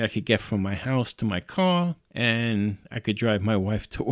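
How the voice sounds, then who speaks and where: A man's voice: mid-range voice, no echo, studio quality. A middle-aged man hosting his own show, telling a personal story in an earnest, conversational way. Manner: earnest, conversational, animated in quoted exchanges. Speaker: podcast host. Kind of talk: casual storytelling monologue.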